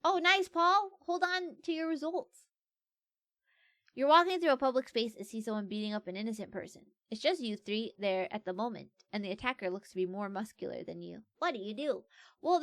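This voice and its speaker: A woman's voice: on the high side, vocal fry, fairly bright tone, dry recording, studio quality. A young adult woman streamer in casual livestream chat, playfully reading quiz questions aloud and joking about them.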